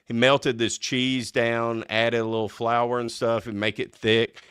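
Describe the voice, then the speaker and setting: A man from North Louisiana with a North Louisiana accent, hosting a casual chat show in an excitable, chatty way with frequent laughs. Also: mid-range voice, a little slow, clean tone, dry recording, studio quality. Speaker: host.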